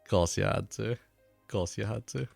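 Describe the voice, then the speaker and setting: A man's voice: fairly low pitch, brisk, creaky, a little mellow, no echo, soft background music. A man hosting a live stream, chatting casually with dry, amused reactions. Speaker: streamer host.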